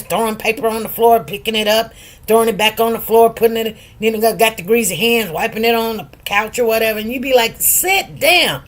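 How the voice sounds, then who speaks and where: A middle-aged woman chats on her own live stream in an easy, rambling way. Her voice sits a little high, and she greets her viewers one by one and doubles and triples words to drive a point home. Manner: chatty, greets viewers by name, repeats words for emphasis. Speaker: livestream host. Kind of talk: casual live-stream chat.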